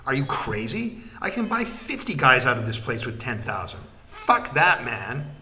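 A man voicing a brash, foul-mouthed male fixer who talks loudly and excitably. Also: mid-range voice, normal speed. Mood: agitated. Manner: swearing, loud and excitable.

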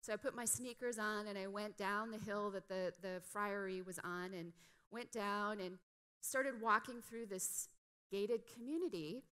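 Brief: middle-aged woman preacher, chatty storyteller, bright forward tone. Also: medium pitch, steady tone, measured pace, clear, resonant tone. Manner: chatty, frequent "like" and "you know", self-deprecating. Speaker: guest preacher. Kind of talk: conversational sermon storytelling. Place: church sanctuary.

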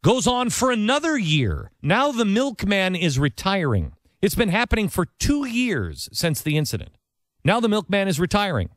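A man's voice: sits high, very animated, no echo, clean studio sound. Earnest man telling a story. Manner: conversational, with frequent restarts and quick asides. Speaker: talk show host. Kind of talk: storytelling monologue.

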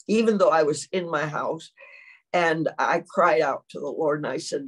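A woman's voice: low voice, animated, takes it slowly, husky. An older woman, preaching a sermon and telling a personal story with lots of acted-out quotes.

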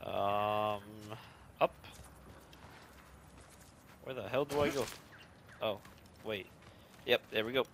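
A man's voice: on the low side, slow pace, pauses often, a bit bright, a little hiss or hum. A man casually commenting as he plays a video game, joking, swearing and laughing often. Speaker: gaming streamer. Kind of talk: casual let's-play commentary. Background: game music and sound effects.

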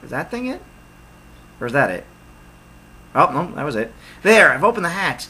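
A man giving casual let's play commentary, excitable, with loud outbursts and laughter. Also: on the high side, normal speed, long pauses, slightly rough.

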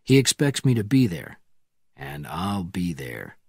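A man reading an audiobook, voicing a controlled male spy who speaks quietly and curtly. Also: big pitch swings, a little slow, creaky, slightly rough, no echo, clean studio sound, heavily acted. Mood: firm. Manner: quiet, low and clipped.

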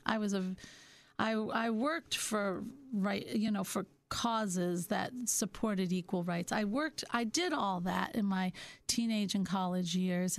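Self-help host, woman, middle-aged, gentle and musing delivery, a touch high, dry close sound. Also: no room sound. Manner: gentle, musing, slows down for key points. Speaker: podcast host. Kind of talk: reflective self-help talk.

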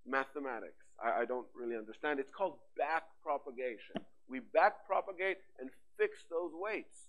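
A man giving a conference talk on AI, lively and rhetorical, with frequent fillers and restarts. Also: mid-range voice, moderate pace, low-quality recording. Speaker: conference speaker. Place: conference hall.

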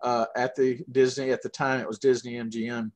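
Southern guy, middle-aged, rambling chatty stories with lots of uhs, animated. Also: medium pitch, fairly quick. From Georgia, US. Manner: rambling, animated anecdotes with frequent fillers. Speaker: guest puppeteer. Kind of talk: casual interview storytelling.

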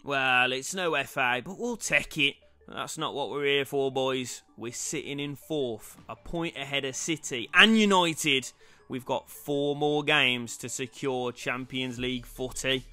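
A young man commentating his own football video game, muttering play-by-play then bursting into loud shouts and cheeky banter. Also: mid-range voice, measured pace, soft background music. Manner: swings from quiet mutters to shouting, swears, banters. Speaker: gaming YouTuber.

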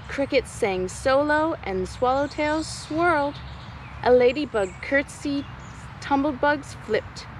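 A young adult woman, a nature educator, reading a rhyming picture book aloud to children at a slow pace. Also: fairly high pitch, a little hiss or hum, low-quality recording.

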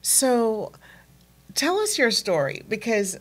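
A woman hosting an interview show, relaxed and prompting her guests with short affirmations. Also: a little high, slow pace. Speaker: host. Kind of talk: casual interview.

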